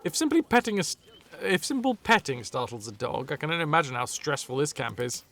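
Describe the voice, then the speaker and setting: A man's voice: fairly high pitch, sing-song, fast talker, a bit bright. A man livestreaming a video game, chatting casually, cracking jokes and thanking his viewers. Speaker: streamer. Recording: faint game music behind.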